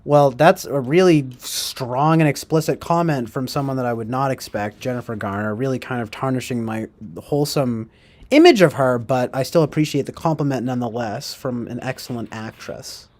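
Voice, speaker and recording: A man's voice: medium pitch, normal speed, darkish tone. A man casually chatting on a livestream, rambling and joking as he reads out viewer comments. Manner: rambling, jokey, reads out chat comments in mock voices. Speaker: livestream host.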